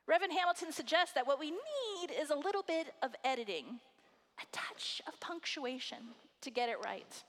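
A woman preacher delivering a sermon with emphatic phrasing and dramatic pauses. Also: sits high, a bit bright. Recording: hall reverb.

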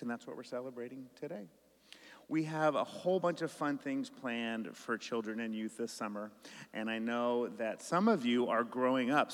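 A man leading a children's message as pastor, asking gentle questions. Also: mid-range voice. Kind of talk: children's sermon. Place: church sanctuary. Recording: long reverb of a church hall.

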